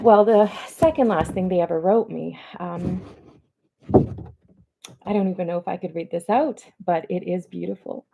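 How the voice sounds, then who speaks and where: A woman with a low, gravelly voice talks in a personal video diary. She speaks haltingly, with many fillers and pauses, and sounds close to tears. She is recording at home. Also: mellow, slight background noise. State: tearful, close to crying. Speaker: mother addressing her daughters.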